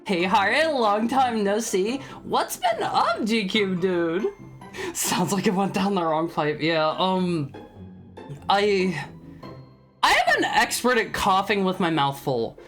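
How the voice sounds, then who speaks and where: A man's voice: high-pitched, very animated, takes it slowly, a bit bright, faint music behind. A young man streaming from home, chatting casually with his chat, stammering and laughing often as he reads messages. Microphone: studio microphone.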